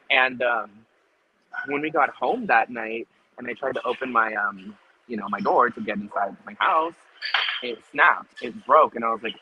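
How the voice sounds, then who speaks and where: A man's voice: mid-range voice, a little fast. A man hosting a podcast, chatting casually and acting out other people's lines as he tells a story, with many "like" fillers. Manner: animated retelling with acted-out quotes and many "like" fillers. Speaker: podcast host. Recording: dull lo-fi recording with clear noise.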